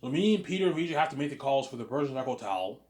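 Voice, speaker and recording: With an expressive, darkish, medium-pitched voice and a very fast delivery, a male host rambles casually about an imagined film he's planning. "Obviously" comes up often, and he pleads emphatically.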